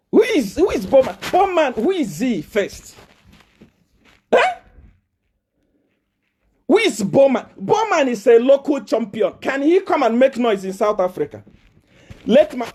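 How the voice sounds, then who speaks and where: A Nigerian man speaks as a prophet in a live video address, confrontational and taunting. He hammers home repeated rhetorical questions. His voice sits high and swings widely in pitch. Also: mellow. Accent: Nigerian English.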